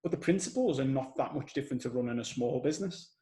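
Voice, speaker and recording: A man with a Scouse accent hosting a podcast, telling stories in an animated, casual way and swearing now and then. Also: medium pitch, fast talker, echoey room, low-quality recording. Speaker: podcast host. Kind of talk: casual conversational podcast chat.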